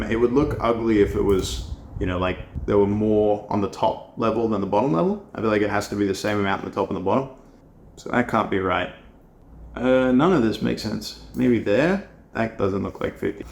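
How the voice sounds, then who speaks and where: A man's voice: mid-range voice, a little hiss or hum. A man thinking aloud as he designs, muttering to himself and laughing at his own mistakes. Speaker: design video creator. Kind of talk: casual think-aloud commentary while designing. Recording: echoey room with a poor mic.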